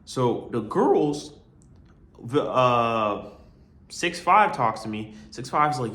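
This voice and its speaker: A man's voice: mid-range voice, lively intonation, drawn-out words, a bit bright, reverberant. Rambling young man telling a story. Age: young adult. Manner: rambling, slangy, full of "you know what I'm saying". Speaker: college student vlogger. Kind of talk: casual storytelling.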